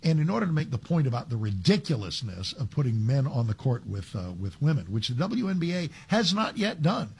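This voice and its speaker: Man, talk radio host, husky voice, chatty commentary, restarts often. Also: mid-range voice, very animated, a little fast, hardly any pauses, darkish tone. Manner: conversational, frequent restarts and fillers, sarcastic asides.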